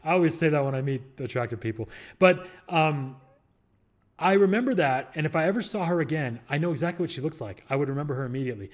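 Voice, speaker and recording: A man's voice: a little high, lively intonation, fast. A young man giving casual advice in a rambling, joking way, full of fillers and restarts. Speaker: real estate investor and show host.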